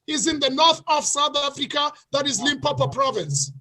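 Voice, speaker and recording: A man with an extremely high, very bright and forceful voice runs an online webinar. He talks excitedly and often breaks into shouts. The sound comes through a video call mic. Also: moderate pace. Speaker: webinar host. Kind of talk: hyped online sales webinar.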